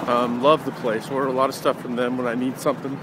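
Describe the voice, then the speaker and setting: A man's voice: mid-range voice, little pitch movement, fast. A man casually vlogging his day on the city streets, chatty and hesitant with many ums. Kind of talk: casual daily vlog. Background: traffic and street noise.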